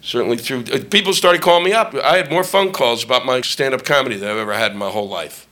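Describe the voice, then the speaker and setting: A man doing a stand-up comedy routine on stage, ranting and profane, shouting his punchlines. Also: medium pitch, fast. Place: comedy stage before a live audience. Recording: live club audio with ambient noise.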